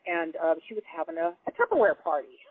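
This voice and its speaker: A woman from the Pacific Northwest, telling stories in casual chat as a caller, animated and laughing often. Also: fairly low pitch, brisk, vocal fry, slightly rough. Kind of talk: casual storytelling. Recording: tinny phone line, dry.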